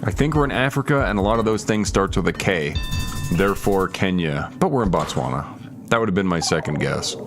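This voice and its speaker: Male streamer, deep register, loose rambling gameplay commentary with viewer replies. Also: expressive, a little fast, music in the background. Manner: thinks aloud, hedging and restarting. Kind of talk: casual live-stream chat while gaming.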